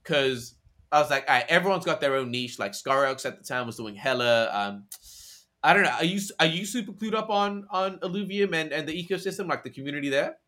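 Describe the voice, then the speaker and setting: A man with a bright, forward voice talks in a loose, rambling way. He fills his sentences with "like" and "um" as he chats about content creation. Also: on the high side, animated, brisk. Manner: rambling, filler-heavy, says "like" often. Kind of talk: casual chat.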